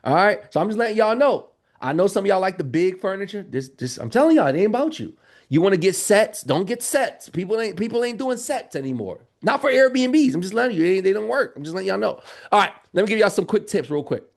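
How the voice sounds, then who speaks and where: A man coaching viewers in casual livestream talk, animated and calling to the chat. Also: high-pitched, fast, creaky. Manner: animated, talks straight to the chat with lots of y'all. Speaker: Airbnb business coach. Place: home office.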